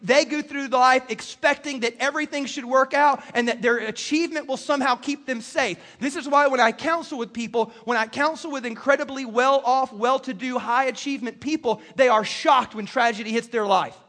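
A man preaching a sermon as pastor, emphatic and full of quick restarts, in a church. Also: extremely high pitch, pushed and bright. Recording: long reverb of a large hall.

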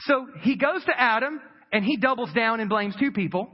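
A man's voice: extremely high pitch, lively intonation, moderate pace, dull audio. A man preaching a sermon as pastor, chatty and repetitive, acting out quoted voices. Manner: conversational preaching, acts out quoted voices, repeats words.

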